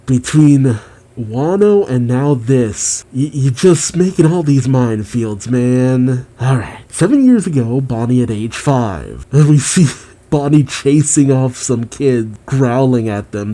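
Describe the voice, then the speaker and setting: A man reading a manga chapter aloud and reacting with expressive, exclamatory asides. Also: mid-range voice, slow. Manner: expressive, exclamatory, mildly profane.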